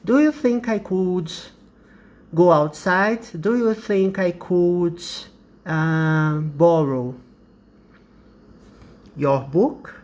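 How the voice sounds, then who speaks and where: A man's voice: high voice, drawn-out words, long pauses, a little mellow. A man with a Brazilian Portuguese accent teaching an English lesson, explaining carefully and repeating example sentences.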